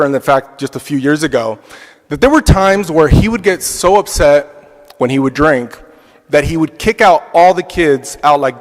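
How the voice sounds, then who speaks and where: Man telling a story in a church hall. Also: medium pitch. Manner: reflective storytelling with fillers. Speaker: adult class teacher. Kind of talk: personal testimony in a church class. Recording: long reverb of a church hall.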